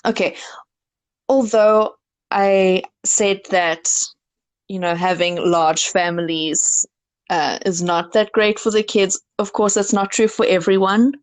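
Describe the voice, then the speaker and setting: A woman's voice: mid-range voice, steady tone, takes it slowly. A woman co-hosting a podcast in casual chat, explaining at length in an earnest way with many fillers. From South Africa. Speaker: podcast co-host.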